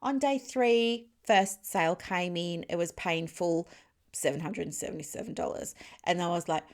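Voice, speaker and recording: Woman business mentor, solo podcast, lively storyteller who explains things plainly. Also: fairly low pitch, measured pace. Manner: chatty, animated storytelling with laughs; explains terms plainly, with asides to the listener.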